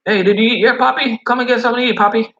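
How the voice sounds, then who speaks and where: A man's voice: very high-pitched, fairly even intonation, rapid-fire, sharp tone, highs cut off, voice pushed up, full character voice. A man voicing a bossy, motherly older woman who runs a cafeteria and insists people eat. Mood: coaxing. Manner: insistent, coaxing, scolding.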